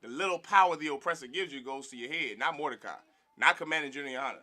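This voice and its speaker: A man teaching a Bible class in a lively preaching manner, calling for response from the room and mimicking other people's voices. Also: on the high side, very fast.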